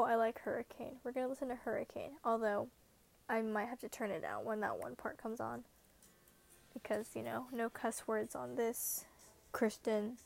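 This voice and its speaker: Anxious rambling teen girl with vocal fry. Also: a little high, darkish tone. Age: late teens. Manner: self-deprecating, anxious, laughs often. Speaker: vlogger. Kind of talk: casual rambling monologue.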